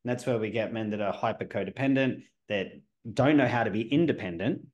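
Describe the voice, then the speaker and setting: A man's voice: lowish voice, a little fast, a little mellow, highs cut off. Blunt, assertive podcast host man. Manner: sometimes swears. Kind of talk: casual podcast conversation.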